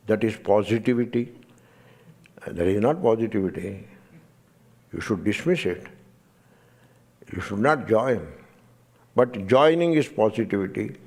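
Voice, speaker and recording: A man's voice: medium pitch, darkish tone. An older man with an Indian English accent, giving a satsang talk. He tells a story with emphasis and chuckles often as he goes. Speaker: swami teaching Vedanta.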